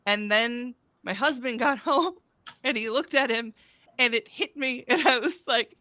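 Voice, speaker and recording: A woman's voice: a little high, unhurried, sharp tone, no echo. A woman co-hosting a podcast livestream, telling a story in a chatty way and laughing often. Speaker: podcast co-host and dog groomer. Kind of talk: casual livestream chat.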